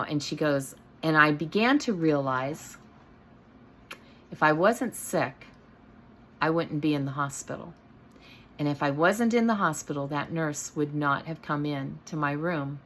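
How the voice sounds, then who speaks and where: A woman's voice: deep voice, a little slow, fairly bright tone. A middle-aged woman hosting, telling a personal story in a casual way, with many fillers and restarts. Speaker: host.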